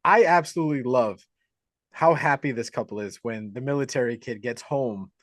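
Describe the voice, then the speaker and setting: A man on a podcast retelling a horror film in a loose, animated way, full of crude jokes and quick character impressions. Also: mid-range voice, dry recording, clean studio sound. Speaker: podcast co-host. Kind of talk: casual movie recap.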